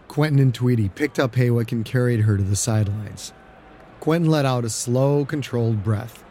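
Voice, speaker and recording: A male audiobook narrator with a mid-range voice, telling the story in a steady, dramatic way. A faint hiss sits under his reading. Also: medium pitch, moderate pace. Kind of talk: scripted narration.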